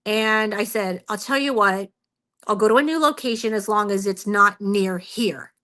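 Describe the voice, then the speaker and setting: Bright, tense-voiced woman recounting a scare. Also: medium pitch, normal speed. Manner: earnest, shaken, many fillers and quoted self-talk. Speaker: guest, Bigfoot researcher. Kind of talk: telling a personal story in a radio interview.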